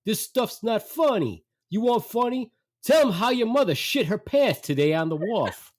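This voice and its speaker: A man's voice: sits high, animated, measured pace, warm tone, voice pushed up. A man playing an impatient older father who barks and swears. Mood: yelling. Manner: barking, exasperated.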